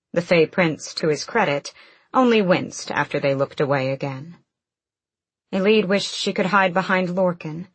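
A woman narrating a fantasy audiobook in a measured, even manner. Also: low voice, slightly rough, no room sound.

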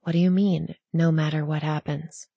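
A woman reading the part of an anxious, caring teenage girl who speaks softly. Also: deep voice, flat delivery, moderate pace, gravelly, slightly rough, no echo, lo-fi sound, heavily acted. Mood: worried.

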